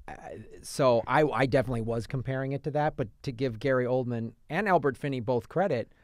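A man with an ordinary middle-pitched voice co-hosting a film podcast, winding through his thoughts with restarts. The studio sound is dry and close. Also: fairly quick, dry recording. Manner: rambling, lots of fillers and restarts. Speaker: podcast co-host, film reviewer. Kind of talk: casual chat.

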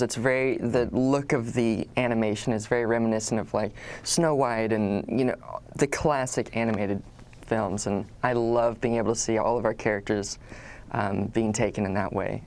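A man's voice: mid-range voice, a little mellow. A man being interviewed about his acting work, answering in an easygoing, chatty way and laughing often. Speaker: actor guest.

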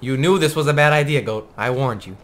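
A man giving casual gameplay commentary in a profane, excitable and joking way. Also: mid-range voice, a little fast.

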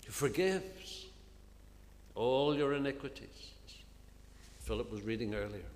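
A man preaching an earnest sermon in a church, often dropping to a soft, hushed voice on key phrases. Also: mid-range voice, a little slow, long pauses. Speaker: minister preaching. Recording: long reverb of a church hall, faint ambience.

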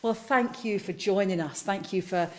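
A woman's voice: mid-range voice, normal speed. A woman leading an online church service, talking in a chatty, playful way as she closes with giving, prayer and a blessing. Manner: chatty and playful, talks while eating biscuits. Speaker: service leader. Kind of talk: casual closing remarks to an online congregation.

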